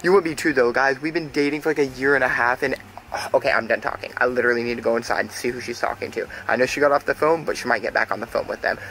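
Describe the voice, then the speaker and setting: A young man talking straight to his viewers in a hushed vlog, often dropping to a whisper, recorded indoors in a house. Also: medium pitch, fast, slight background noise, poor audio. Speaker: vlogger.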